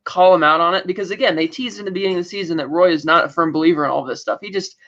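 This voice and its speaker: A woman's voice: lowish voice, racing, fairly bright tone. A woman co-hosting a podcast, casually recapping a TV episode and acting out lines from the scenes. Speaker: podcast co-host. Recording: dull lo-fi audio.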